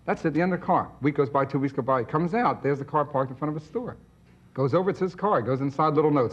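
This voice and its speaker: A man's voice: a little high, lively intonation, fast talker, breathy edge, highs cut off. A man telling jokes and stories on a television talk show, punchy, acting out the voices. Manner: punchy joke-telling with acted quotes. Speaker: stand-up comedian. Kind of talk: stand-up and talk show banter. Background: studio audience.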